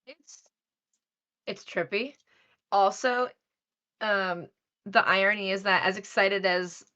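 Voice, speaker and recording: Bright, effusive woman voice actor. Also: mid-range voice, smooth, lo-fi sound. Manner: effusive, laughing, self-deprecating. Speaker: voice actor guest. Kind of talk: casual interview chat.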